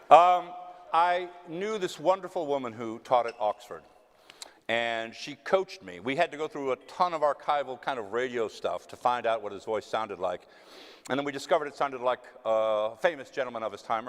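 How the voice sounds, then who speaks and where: Texan actor, male, chatty stage Q&A, lively pitch, big hall reverb. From West Texas. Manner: animated, self-mocking, acts out quoted voices. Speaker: actor answering audience questions. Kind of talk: casual storytelling Q&A. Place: theater stage.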